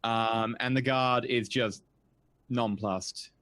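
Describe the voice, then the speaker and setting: A man's voice: medium pitch, fairly even intonation, slow pace, a bit bright, no room sound. Hesitant male game master narrating. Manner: hesitant, full of ums and restarts. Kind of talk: narrating a tabletop game on a live stream.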